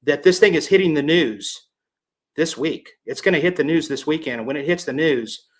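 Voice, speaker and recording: A man's voice: fairly high pitch, expressive, moderate pace. A middle-aged man hosting a livestream podcast, chatting straight to viewers in an upbeat way and repeating himself for emphasis. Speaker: podcast host.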